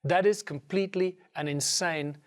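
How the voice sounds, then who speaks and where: A middle-aged South African man with a fairly high voice tells a story with animation. He gives each character a quick voice of its own and keeps his talk conversational. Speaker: speaker.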